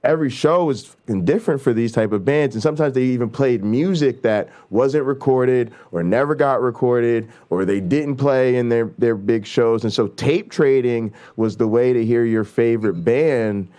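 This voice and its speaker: A man's voice: medium pitch, normal speed, hardly any pauses, mellow. A middle-aged man hosting a casual chat show, rambling and swearing, with many fillers. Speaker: host.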